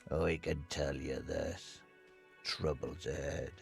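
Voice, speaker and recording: An actor playing a sleepy, evasive union dock worker in a video game, talking in a laconic, dismissive way. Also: male voice, extremely low pitch, steady tone, slow, vocal fry, faint music behind, full character voice.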